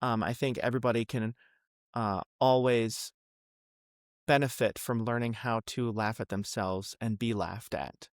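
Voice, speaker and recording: Male guest, about twenty, relaxed and friendly, mid pitch, dry studio sound. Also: measured pace, dry recording. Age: 20s. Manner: friendly, easygoing, many ums and uhs. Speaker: podcast guest, student. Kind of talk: casual interview.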